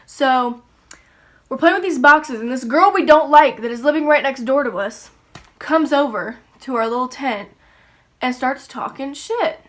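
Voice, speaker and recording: High-voiced young woman telling a story. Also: a little slow. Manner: animated, swears freely, acts out the voices in her story. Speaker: YouTuber. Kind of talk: casual storytime.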